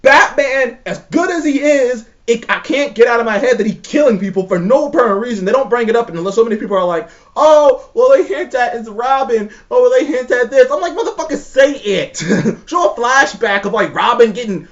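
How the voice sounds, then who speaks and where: A high, lively male voice rants in a casual chat, swearing freely and sounding exasperated. He stresses his points hard and swings his pitch up and down as he talks. The recording is a bit dull and lo-fi. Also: brisk, hardly any pauses. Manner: profane, exasperated, emphatic. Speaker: show co-host ranking movies.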